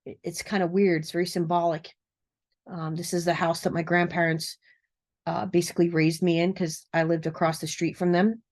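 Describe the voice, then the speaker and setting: A woman with a somewhat low voice talks straight to the camera in a casual vlog. She rambles earnestly, often pausing on "um" and "uh" and letting small laughs slip in. She records from a cluttered room at home. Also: little pitch movement. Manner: rambling and earnest, with frequent fillers and soft laughs. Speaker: narcissism recovery coach.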